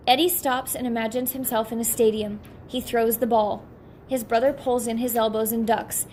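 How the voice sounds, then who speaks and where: A woman reads a novel aloud with steady, clear storytelling. Her voice sits slightly high. A faint hiss of noise runs underneath. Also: moderate pace. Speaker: audiobook narrator. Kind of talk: audiobook reading.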